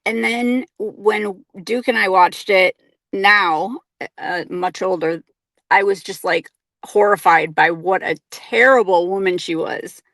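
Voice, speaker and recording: A woman's voice: mid-range voice, slow pace, fairly bright tone, no room sound. A young woman with a Midwestern American accent co-hosts a casual live stream. She talks in a chatty, giggly way with plenty of ums and likes. Her voice is recorded dry and close, with no room sound. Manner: chatty, filler-heavy, giggly. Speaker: co-host.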